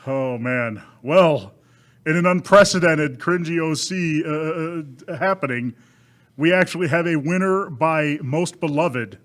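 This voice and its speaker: A man's voice: fairly high pitch, a little slow, a bit bright. A man co-hosting a podcast in casual comedic chat, teasing his partner in a mock-dramatic way and laughing often. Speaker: podcast co-host.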